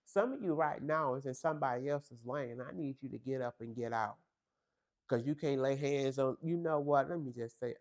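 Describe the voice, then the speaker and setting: With a very deep, darkish voice at a moderate pace, a female podcast host delivers a faith-centered motivational talk. It's insistent and preachy, heavy on repetition, aimed squarely at women she addresses as "girl" and "honey."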